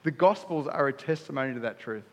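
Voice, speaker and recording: A man's voice: mid-range voice, expressive, fast talker. A middle-aged Australian man preaching a sermon as pastor, conversational and emphatic, with casual asides to the congregation. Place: church hall. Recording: church hall reverb.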